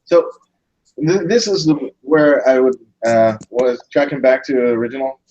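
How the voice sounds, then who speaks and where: A man hosts a relaxed video-call chat at a middle pitch. He works through his points with restarts and small pauses. The sound is slightly muffled and lo-fi. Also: a little hiss or hum. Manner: thinks aloud with restarts. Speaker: host. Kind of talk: casual chat.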